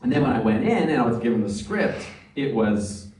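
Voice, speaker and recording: A man's voice: medium pitch, sing-song, fairly quick, a little mellow. Earnest man telling stories in an echoey hall. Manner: earnest, nostalgic, many fillers and quoted asides. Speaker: voice actor guest on a fan panel. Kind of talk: anecdotal storytelling at a live panel. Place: convention panel room. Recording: echoey room from far off.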